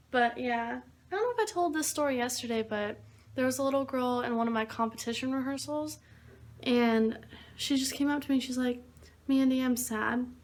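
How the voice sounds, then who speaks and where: A young woman talking casually to her camera in a daily vlog, chatty and storytelling. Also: fairly high pitch. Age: young adult. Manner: chatty, storytelling, laughs easily. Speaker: vlogger.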